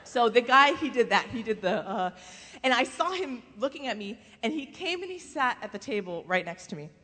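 Animated woman telling stories in a hall. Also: a little high, moderate pace. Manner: animated storyteller, acts out voices, laughs often. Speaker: speaker giving a faith talk. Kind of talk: humorous testimony to a live audience. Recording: long hall reverb.

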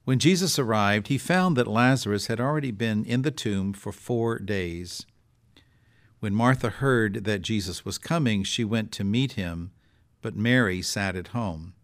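Measured low-voiced bishop reading scripture. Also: male voice. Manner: measured, with pauses and fillers when speaking freely. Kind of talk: scripture reading and reflective discussion.

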